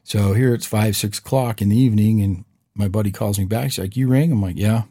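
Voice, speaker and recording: A man with a lowish, dark and mellow voice telling a story on a casual podcast. He is animated and acts out the other people in his story as he goes. The sound is dry and close. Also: brisk, slightly rough, no echo. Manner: animated storyteller, acts out quoted voices, says "bro" and "dude". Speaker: podcast co-host.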